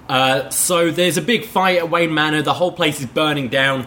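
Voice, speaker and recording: A man's voice: a little high, a little slow, few pauses, bright, forceful tone, slight background noise. A man co-hosting a casual movie review podcast, recapping scenes and laughing often. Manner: laughs often, mimics a posh butler in quotes. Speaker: podcast co-host.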